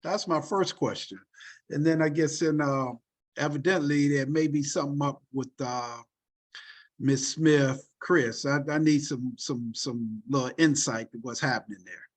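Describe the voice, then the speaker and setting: Male panelist, halting and questioning, pitch a touch high. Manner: hesitant, stammering questions. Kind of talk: casual chat.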